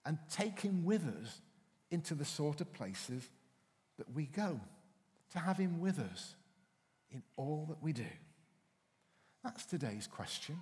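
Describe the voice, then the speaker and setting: A man's voice: on the high side, a little mellow. A man preaching a sermon as pastor, telling anecdotes and acting out voices. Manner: storytelling, acts out voices in anecdotes. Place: church hall. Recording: reverberant church hall.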